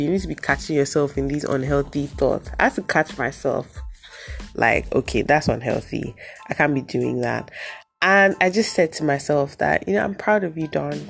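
Low-voiced woman hosting a motivational podcast. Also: creaky. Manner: animated, jumps to high excited pitch when acting out reactions. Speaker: podcast host. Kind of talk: casual motivational podcast talk.

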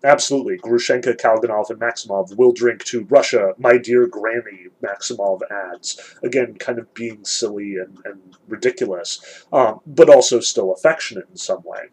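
Guy explaining a novel in a lecture, husky voice, keeps restarting his sentences. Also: on the low side, moderate pace, darkish tone, low-quality recording. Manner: earnest, emphatic, frequent restarts. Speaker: literature lecturer. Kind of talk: literature lecture reading and analyzing a novel.

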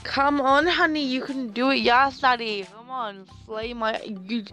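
A woman's voice: a little high, fairly even intonation, measured pace, a bit bright. A young woman hosting a casual podcast chat, sassy and theatrical, swearing a lot as she talks to her viewers. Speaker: podcast host. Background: faint music.

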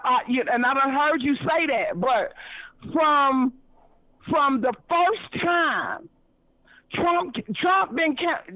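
A woman from Kansas City, Missouri, calling in to a radio show, rambling and stumbling over repeated words. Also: high voice. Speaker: caller. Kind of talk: radio call-in chat. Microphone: phone. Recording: tinny phone line, dry.

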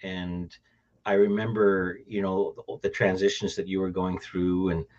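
A man's voice: low voice, level tone, unhurried, a little mellow. A man with a Canadian accent hosting a casual podcast chat, rambling through restarts and laughing easily. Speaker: podcast host. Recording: dull lo-fi audio.

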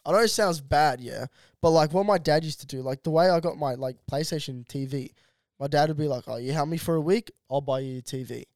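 A man's voice: fairly high pitch, fairly quick, a little mellow, no room sound. Dry-voiced young man in casual chat. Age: 20s. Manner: loose, rambling, swears freely. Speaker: podcast co-host.

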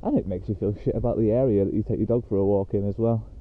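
A man's voice: on the low side, steady tone, racing. A man hosting a casual solo podcast while out walking his dog, rambling chattily with lots of fillers. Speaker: podcast host. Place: outdoors on a dog walk. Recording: tinny phone-like sound.

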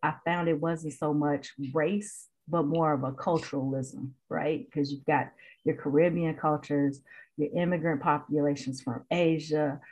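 Woman from Chicago, low voice, animated, laughs a lot, podcast guest chatting. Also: unhurried. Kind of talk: casual conversation.

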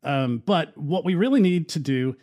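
A man's voice: a little high, animated, moderate pace, a little mellow. A man hosting an opinionated political commentary, talking casually with a sarcastic, scoffing manner. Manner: sarcastic, scoffing, conversational with fillers. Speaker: commentary show host.

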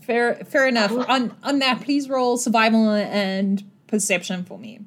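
A woman narrating as game master, lively and quick to laugh. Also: on the high side. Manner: lively, giggly, animated.

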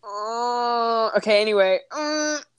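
A woman's voice: on the high side, takes it slowly, clean tone, dry recording. A woman hosting a casual podcast from a room at home, laughing often, swearing freely and rambling from one thought to the next. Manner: giggly, swears a lot, rambling. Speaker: podcast host.

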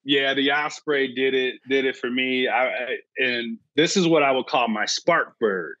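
A man, a birding educator and podcast guest, telling an excitable story and acting out his own past thoughts. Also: medium pitch, measured pace, no room sound, muffled recording. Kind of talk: animated storytelling.

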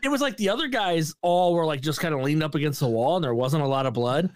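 A sarcastic man riffing through a casual podcast movie review, now and then mimicking characters in goofy voices. His voice sits a bit high, recorded close and dry with no room sound. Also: lively intonation, quick pace, no room sound. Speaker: podcast co-host.

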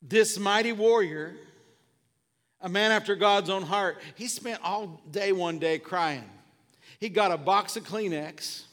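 A male pastor preaching a sermon with passion, repeating refrains and building up to shouts. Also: sits high, takes it slowly, in a large hall. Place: church sanctuary.

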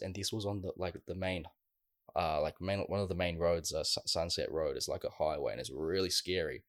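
Deep-voiced man telling a story. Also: dry recording, studio quality. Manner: animated storyteller, many fillers. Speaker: podcast co-host. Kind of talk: casual podcast chat.

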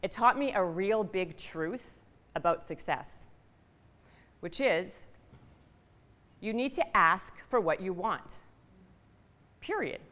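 A middle-aged woman telling a personal story to an audience, animated and punchy, asking the room questions. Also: medium pitch, takes it slowly, pauses often. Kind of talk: storytelling talk. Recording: reverberant hall.

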